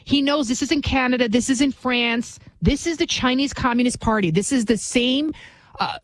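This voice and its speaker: A woman's voice: medium pitch, dry recording, poor audio. A woman delivers a fiery political monologue, emphatic and insistent. She repeats phrases for force and leans on rhetorical questions to pull the listener along. The recording is dry and close, with no room sound. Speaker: political commentator.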